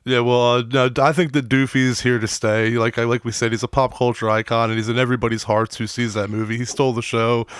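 A man hosts a casual podcast interview, gushing like a fan and tossing in "dude" and "man". His voice is smooth and clean, and the sound is dry, right up against the mic. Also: mid-range voice, level tone, fast talker, hardly any pauses, no echo. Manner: enthusiastic fan, casual slang. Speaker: podcast host.

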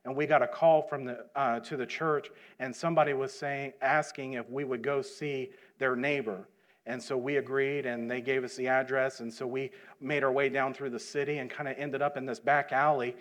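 A middle-aged man preaching at church, his voice at an ordinary middle pitch. He tells a missionary story in a folksy, conversational way and then leans into emphatic sermon delivery. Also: fairly even intonation, normal speed. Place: church sanctuary.

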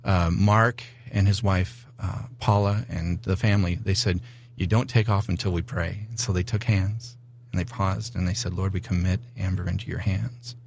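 Lower-voiced middle-aged guy telling his testimony, really animated, does all the voices. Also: moderate pace, creaky, slight background noise. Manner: animated storyteller, acts out dialogue. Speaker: guest. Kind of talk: storytelling testimony. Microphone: studio mic.

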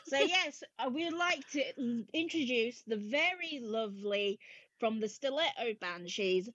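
A woman's voice: on the high side, lively intonation, a little slow, fairly bright tone, breathy edge, dry recording, dull audio. A woman co-hosting a podcast, bubbly and giggly in casual chat. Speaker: podcast co-host.

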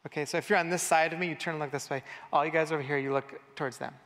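Man, pastor, casual sermon, slightly high voice, reverberant hall. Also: fairly even intonation, very fast, fairly bright tone. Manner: conversational, filler-heavy, audience-directing. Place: church hall.

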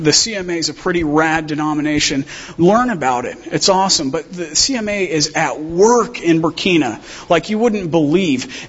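A man's voice: fairly high pitch, muffled recording. A man preaching a sermon as a missionary guest speaker, telling stories in a casual, humorous way with slang.

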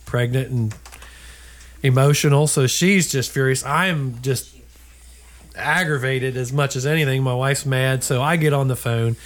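Speaking a little slowly in a mid-range voice, a grandfather recounts a trip in casual conversation. He's an animated storyteller, performing the quoted dialogue of the people in his tale.

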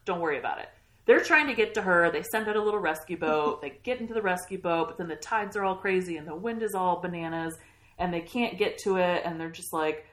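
A woman telling a story in a casual, animated way, swearing often and laughing at the funny parts. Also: mid-range voice. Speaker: podcast host recapping a book. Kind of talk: casual chat.

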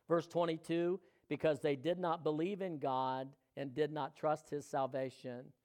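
A slightly high, clear and resonant male voice carries this sermon. The preacher swings between forceful exhortation and quiet, personal talk, posing questions directly to the congregation.

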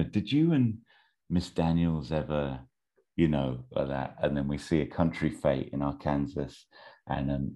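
A man's voice: a bass voice, mellow. A man casually retelling a made-up film plot, rambling with lots of ums and amused asides. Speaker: storyteller pitching a film plot. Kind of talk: casual chat.

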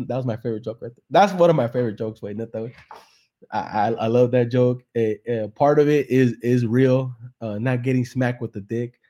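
Man, young adult, mellow warm tone, profane laid-back storytelling, mixes English and slang. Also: mid-range voice, a little fast. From San Jose, California. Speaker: comedian and podcast host. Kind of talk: casual joke-telling on a live podcast.

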